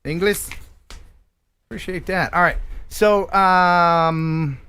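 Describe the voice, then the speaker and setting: Fields: playful American man hosting a live stream, bright and lively. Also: sits high, moderate pace. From USA. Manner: playful, joking, laughs often. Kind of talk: casual chat.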